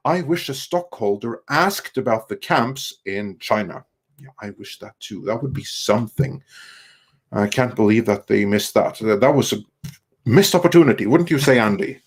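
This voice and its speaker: A man's voice: medium pitch, expressive, slightly rough. Chatty male livestream host. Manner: chatty, halting, many fillers and restarts. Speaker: livestream host reading super chats. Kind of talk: casual panel chat.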